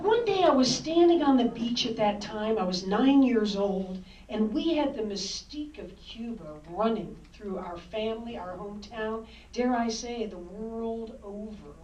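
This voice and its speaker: Older woman author, wry storyteller, high voice, echoey hall from far back, kinda muffled. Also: a little slow, hardly any pauses, some chatter behind, a little hiss or hum. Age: 60s. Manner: lively, wry, dramatic. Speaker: author and speaker. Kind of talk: storytelling talk. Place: library hall, indoors. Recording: roomy hall, distant dull mic.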